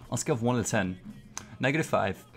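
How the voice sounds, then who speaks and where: A man's voice: medium pitch, lively intonation, quick pace, vocal fry. Young man chanting over music. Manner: goofy, repetitive chanting between chat asides. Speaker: streamer. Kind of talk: live stream chat, chanting a name.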